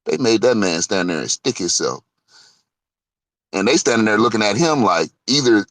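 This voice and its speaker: Man, profane heated rant, lively up-and-down pitch, dry close sound. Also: dry recording. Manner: heated, profane, swings from loud to muttering; lively pitch, laughs between points. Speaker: online show host. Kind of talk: casual rant.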